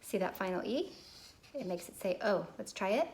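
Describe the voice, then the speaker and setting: A woman's voice: medium pitch, big pitch swings, normal speed, darkish tone, slight background noise. A woman teaching a recorded phonics lesson to young children, patient and prompting them to repeat words.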